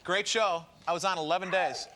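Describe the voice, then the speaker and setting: A man's voice: high-pitched, fairly even intonation, a little fast. A man hosting a dating game show in a TV studio, joking and teasing the contestants. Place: TV studio with audience. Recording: noisy studio with loud crowd.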